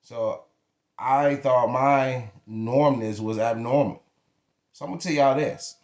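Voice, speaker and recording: A man's voice: mid-range voice, slow pace, a little mellow, highs cut off. A man speaking to camera in an emotional venting monologue, blunt and emphatic, cursing freely. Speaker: vlogger. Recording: echoey room.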